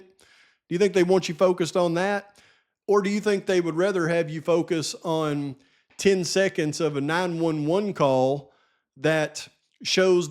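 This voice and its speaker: Host, man, high-pitched, exasperated and sarcastic, true crime commentary monologue. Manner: sarcastic, rhetorical questions, exasperated. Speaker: channel host.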